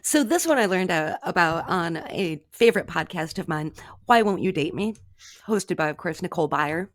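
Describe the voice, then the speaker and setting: A woman's voice: on the low side, animated, normal speed. A woman co-hosting a podcast in casual chat, telling stories with frequent giggles. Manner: giggly, self-amused storytelling. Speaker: podcast co-host.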